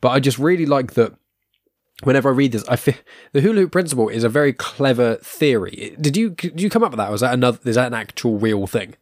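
A man's voice: medium pitch, animated, fast, a little mellow, no room sound. A young man hosting a podcast, chatting casually with a rambling, self-deprecating manner, full of fillers and restarts. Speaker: podcast host.

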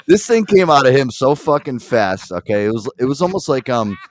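A man's voice: medium pitch, big pitch swings, moderate pace, slight background noise. A man co-hosting a casual podcast, telling a profane story with lots of laughter. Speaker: co-host.

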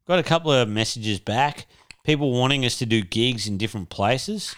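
A man's voice: mid-range voice, moderate pace, fairly bright tone. A young adult man, co-hosting a podcast, rambling along in laid-back chat with plenty of swearing. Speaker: podcast co-host. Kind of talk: casual chat.

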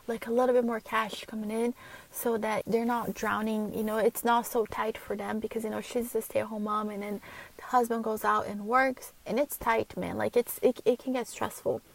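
A woman's voice: fairly high pitch, little pitch movement, moderate pace, gravelly, poor audio. A young adult woman hosting a podcast, giving an earnest, heartfelt motivational talk in a chatty, casual way. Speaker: podcast host and business coach for moms.

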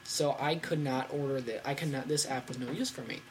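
A fifteen-year-old boy hosting a casual tech podcast from home, rambling and excitable with lots of fillers. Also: mid-range voice, brisk, a little hiss or hum. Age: teens. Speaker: podcast host.

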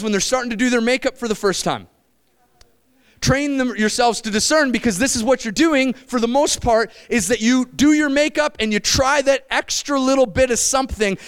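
A man preaching a sermon to his church, animated and conversational, slipping into quick quoted voices. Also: very high-pitched, smooth.

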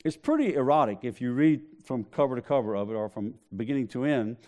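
A man's voice: mid-range voice, animated, fast talker, mellow. A man preaching a sermon, joking with the congregation in a conversational way. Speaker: pastor.

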